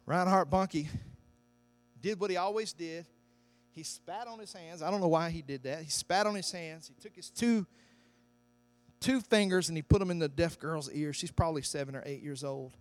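A man with a high-pitched voice preaches a sermon, moving from quiet storytelling to shouted climaxes. The sound is dry and close, with a faint mains hum behind him. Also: moderate pace, dry recording. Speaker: pastor.

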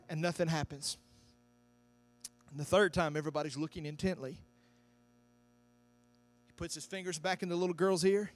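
A man with a high-pitched voice preaches a sermon, moving from quiet storytelling to shouted climaxes. The sound is dry and close, with a faint mains hum behind him. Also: fairly even intonation, moderate pace, pauses often, dry recording, soft background music. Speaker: pastor.

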